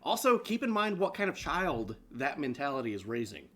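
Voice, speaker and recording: A man's voice: a little high, sing-song, moderate pace, fairly bright tone. A man co-hosting a live stream show, chatting casually with profane, laughing banter. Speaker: co-host.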